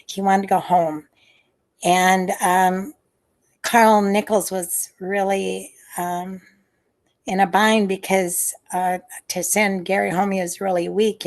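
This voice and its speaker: Taking it slowly, an older former nurse shares memories in an interview over a video call. Her mid-range voice shows little pitch movement, and she hesitates constantly, with many fillers, restarts and soft sighs.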